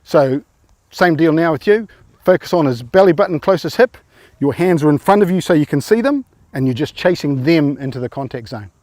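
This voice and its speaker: Man coaching rugby drills, higher voice. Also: lively intonation, fairly quick, a little mellow, dry recording. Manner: encouraging, asks players questions, informal. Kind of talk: coaching players through tackle drills.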